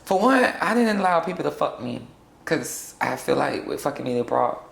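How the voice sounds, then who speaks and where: A young trans woman from South Florida speaking in a candid sit-down interview, blunt and sassy and quick to laugh. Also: extremely low pitch, big pitch swings, creaky, roomy sound. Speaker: interview guest.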